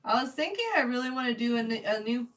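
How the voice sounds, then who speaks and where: A fast-talking woman with a fairly bright, somewhat high voice paints live on stream. She chats casually, answers viewers by name and laughs frequently, though the mic is a bit far from her.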